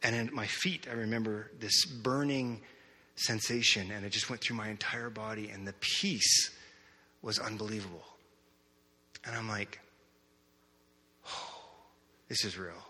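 Preacher guy telling his story, bright forceful voice, big echoey church sound. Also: lowish voice, normal speed. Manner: storytelling, animated, acts out his own reactions. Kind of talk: sermon testimony. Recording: long hall reverb.

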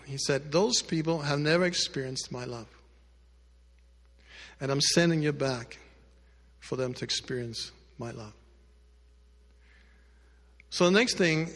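A male pastor telling a story in a sermon, addressing the congregation directly and moving between loud emphatic lines and hushed quiet ones. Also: fairly high pitch, long reverb tail. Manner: speaks directly to the congregation with asides.

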